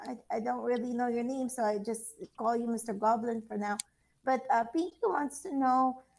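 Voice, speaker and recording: A woman voicing a chirpy, eager-to-please female adventurer with a sweet, halting, childlike way of talking. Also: high voice, creaky, voice pushed up, exaggerated voice, low-quality recording.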